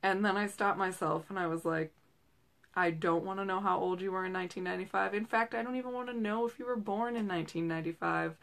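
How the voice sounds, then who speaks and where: A woman's voice: medium pitch, quick pace, gravelly, fairly bright tone. Thirties woman host, loose rambling chat with many asides and fillers. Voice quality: rambling, chatty with frequent fillers and tangents. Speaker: host and direct seller. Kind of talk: casual chat. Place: small room at home.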